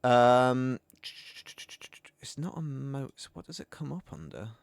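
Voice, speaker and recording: A man hosting a game stream, chatting casually in a rambling, animated way. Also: mid-range voice, takes it slowly, gravelly, no echo, studio quality. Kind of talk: casual chat.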